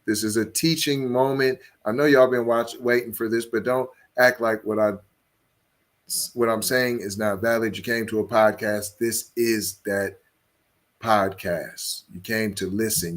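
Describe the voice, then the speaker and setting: A man's voice: lowish voice, steady tone, unhurried. A man hosting a solo podcast, talking emphatically, repeating words and stacking rhetorical questions. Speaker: podcast host.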